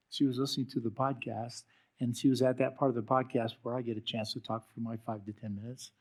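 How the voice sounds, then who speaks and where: A man's voice: mid-range voice, little pitch movement. Man preaching a sermon, telling a story. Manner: storytelling, asks the congregation direct questions; closes in a slow, soft prayer. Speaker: pastor. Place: church.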